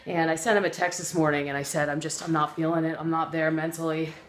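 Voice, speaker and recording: A woman's voice: low-pitched, little pitch movement, fast. A woman giving an earnest, rambling comic self-help talk, full of fillers and restarts. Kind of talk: comic motivational monologue. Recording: echoey room.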